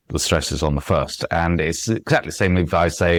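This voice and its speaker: A very low-voiced man talks in a dry, close recording as a guest on an interview podcast. He explains things with lots of "um"s and repeated starts, breaking into recited verse and sounding out beats. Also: a little fast, no room sound. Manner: explains with many fillers and restarts, recites verse and taps out rhythms. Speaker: guest author.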